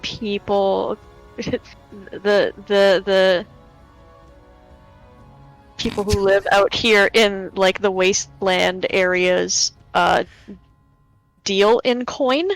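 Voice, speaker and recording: A woman's voice: mid-range voice, fairly even intonation, extremely slow, pauses often, faint music behind, poor audio. A woman player in a casual tabletop game, talking in a hesitant way with many restarts.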